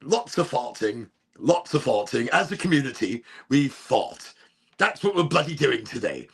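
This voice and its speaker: A man voicing his cheeky, crude older English father in a higher, brighter put-on voice. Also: big pitch swings, quick pace, breathy edge. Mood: blustery. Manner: blustering, swears mildly.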